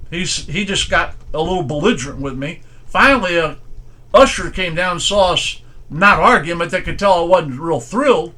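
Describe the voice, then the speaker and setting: A pastor giving an informal, conversational sermon in plain, folksy speech, asking strings of rhetorical questions. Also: male voice, on the high side, animated, moderate pace, pushed and bright. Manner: plain everyday grammar.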